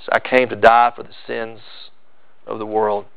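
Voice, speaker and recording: A man preaching a sermon with emphatic delivery, swinging into loud, high bursts on key phrases. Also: level tone, moderate pace, creaky, clean tone, dull audio. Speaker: pastor.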